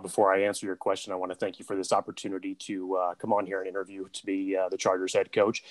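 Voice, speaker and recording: Low-voiced man pitching himself. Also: dry recording. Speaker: podcast guest. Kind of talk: comedic mock job interview.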